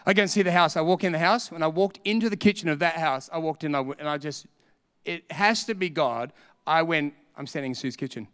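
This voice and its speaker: A middle-aged Australian man preaching a lively sermon. He repeats his points with emphasis and tells stories with energy. His voice sits fairly high and rings smooth and resonant. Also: brisk, in a large hall. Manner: animated storytelling, emphatic repetition.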